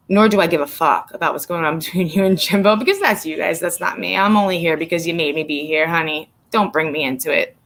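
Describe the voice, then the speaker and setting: A woman's voice: on the low side, normal speed, a bit bright. A woman on a casual live stream, rambling and swearing with sarcasm, sometimes choked up as she reads viewers' comments. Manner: emotional, tearing up while reading viewers' comments. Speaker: vlogger.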